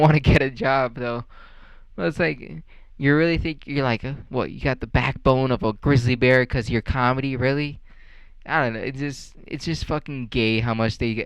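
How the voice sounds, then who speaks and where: A young man rants in a loose, rambling way, swearing and firing off sarcastic questions. His voice is smooth and clear at a middle pitch. The recording is dry and close. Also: no room sound, low-quality recording. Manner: profane, sarcastic, rambling with many fillers. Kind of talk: casual rant.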